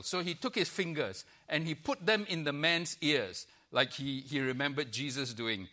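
Bright-voiced man preaching a sermon. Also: fairly high pitch, animated, moderate pace, hardly any pauses. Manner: warm storytelling with frequent uh fillers. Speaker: guest preacher. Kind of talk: sermon with a humorous anecdote. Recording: church service recording.

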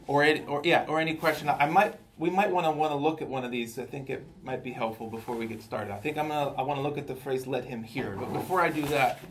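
A man teaching a Bible study group in a relaxed, conversational way, often repeating words and checking in with his listeners. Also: mid-range voice, slight background noise.

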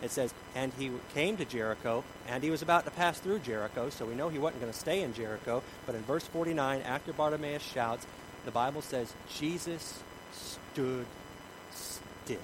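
A man preaching a sermon, shifting from shouts to hushed tones. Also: mid-range voice, brisk, noisy background.

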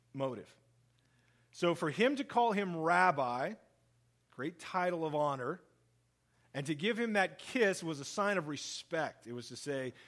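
Preaching a sermon that mixes Bible reading with commentary, this pastor is animated throughout. He acts out the quoted speech, his pitch and volume shifting in lively ways.

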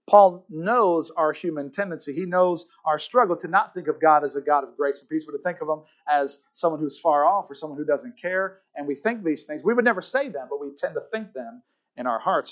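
A man's voice: fairly high pitch, dull audio. A man preaching a sermon as a pastor, emphatic and often asking his listeners "Amen?". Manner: emphatic, asks the congregation "Amen?".

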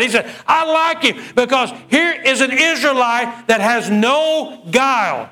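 A man's voice: lively intonation, unhurried, hardly any pauses, pushed and bright. A man preaching a sermon, acting out the dialogue of the story with swings in his voice. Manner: storytelling preacher who acts out the dialogue with a lot of pitch swings. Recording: faint music behind.

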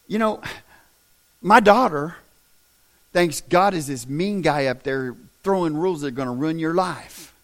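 Preaching in a folksy, plain-spoken style, this Southern American pastor has a high-pitched voice with lively intonation and speaks a little slowly. His sermon swings from shouts to hushed asides.

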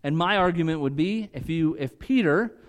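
A man preaching a sermon in a conversational way, moving from loud, emphatic peaks to quiet asides. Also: on the high side, normal speed. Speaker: pastor.

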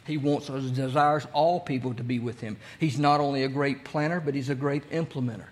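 A man's voice: mid-range voice, fairly even intonation, a little fast. A male pastor preaching a sermon in a folksy, conversational way, asking the congregation questions.

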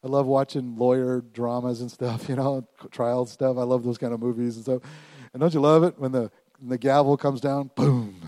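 Animated pastor preaching a sermon. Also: male voice, mid-range voice, moderate pace, dry recording. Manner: animated, call-and-response with congregation; emphatic, swings from quiet to loud. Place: church.

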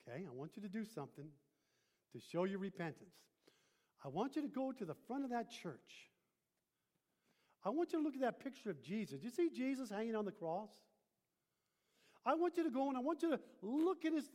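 A firm older archbishop , as a high-voiced preacher puts him on, repeating his words slowly and deliberately. The voice rings in a big hall with long reverb. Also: darkish tone. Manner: measured, insistent repetition. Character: older male archbishop, stern but gentle.

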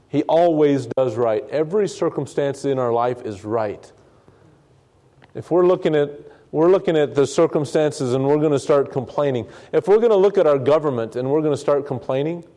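Man preaching with a mellow voice. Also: a little high. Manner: conversational, repeats words, dramatizes quotes. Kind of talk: sermon, Bible study teaching.

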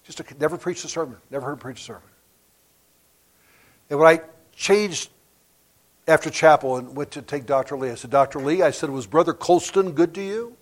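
A man in his sixties preaching a sermon as a guest preacher, telling stories and building to sudden emphatic rises in loudness. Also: fairly high pitch, brisk, long pauses.

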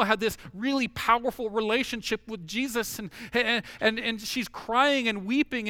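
A middle-aged man preaching a sermon, earnest and repetitive, dropping low and slow to stress his key phrases. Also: pushed and bright, clean tone, dry recording. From Washington state. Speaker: pastor.

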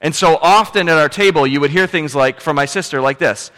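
A man preaching a sermon as pastor, moving from quiet storytelling into loud, emphatic exhortation. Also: fairly high pitch, a little fast, big-room sound.

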